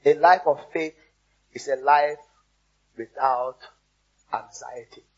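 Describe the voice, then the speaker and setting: A man's voice: medium pitch, takes it slowly, muffled recording. A man preaching a sermon as a pastor, telling stories and repeating words for emphasis. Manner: storytelling, repeats words for emphasis, exhorts the congregation.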